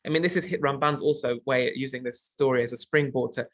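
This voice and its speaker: Bright-voiced man teaching a text class. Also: medium pitch, fairly even intonation, fast talker, no room sound. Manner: translates Hebrew phrases as he goes, many restarts. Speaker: Torah teacher.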